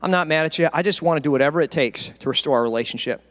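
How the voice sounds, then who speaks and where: A man preaching who voices Jesus as a gentle, humble man, speaking softly and apologetically. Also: fairly high pitch, racing, voice pushed down, close to an everyday voice. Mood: apologetic. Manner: soft, apologetic. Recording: long church reverb.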